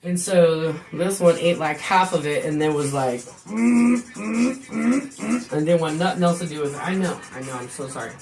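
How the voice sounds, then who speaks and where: Low-voiced woman chatting on stream. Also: brisk, few pauses, darkish tone, soft background music. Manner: swearing, laughing, chatty storytelling. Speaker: live streamer. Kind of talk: casual chat on a live stream.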